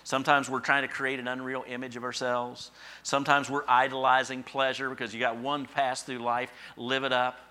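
A male pastor delivers a sermon in a chatty, anecdotal style, now and then acting out voices in his asides. His voice is bright and forward, pitched in an ordinary middle range. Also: flat delivery, brisk. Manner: conversational storytelling, acts out voices in asides.

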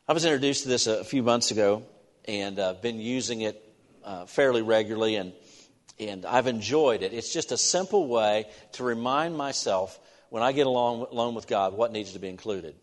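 A man preaching a sermon in a church, earnest and halting, with restarts as he talks. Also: on the low side. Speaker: pastor. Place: church sanctuary. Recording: long hall reverb.

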